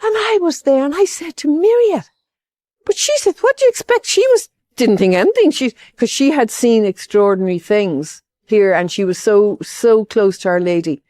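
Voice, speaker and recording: A woman's voice: a little high, lively intonation, normal speed, hardly any pauses, dark tone, dry recording, studio quality. An older woman from Ireland giving a personal testimony as a pilgrim, rambling and heartfelt, with many asides.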